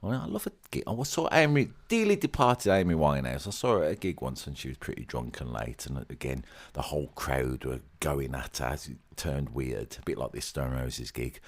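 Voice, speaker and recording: A man's voice: rumbling low, lively intonation, a little fast, hardly any pauses. A man with a Birmingham accent co-hosting a podcast in casual, jokey chat, reading out listener comments. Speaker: podcast co-host.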